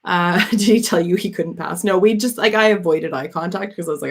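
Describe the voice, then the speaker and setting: A woman's voice: fairly low pitch, a little fast, few pauses, slightly rough. Chatty, rambling woman on a livestream. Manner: rambling and chatty, laughs often, many fillers. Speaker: host of a live chat stream. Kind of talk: casual chat answering viewer comments.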